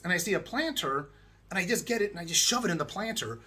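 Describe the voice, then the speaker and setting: Middle-aged guy from the states telling a crazy travel story, kinda husky, high-ish voice. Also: fast talker. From United States. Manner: animated, acts out voices of people in the story. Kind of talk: casual storytelling to camera.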